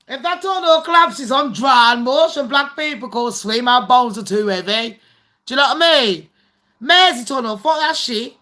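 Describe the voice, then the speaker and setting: A woman's voice: fairly high pitch, moderate pace, bright, forceful tone. A woman hosting a casual live stream, chatty, swearing freely and laughing often. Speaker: livestream host.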